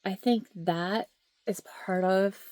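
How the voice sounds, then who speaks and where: A woman's voice: medium pitch, fairly even intonation, takes it slowly, a little mellow, no room sound. A woman vlogging from home about her grief, talking in a raw, rambling and emotional way, sometimes dropping to a whisper, into a handheld camera. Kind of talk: candid talking-to-camera vlog. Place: at home, indoors. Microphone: handheld camera or phone.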